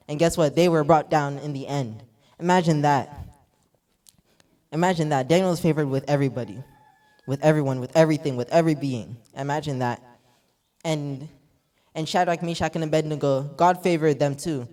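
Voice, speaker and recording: A man's voice: a little high, dark tone. A man preaching a sermon, reading scripture aloud and retelling it with repeated rhetorical asides.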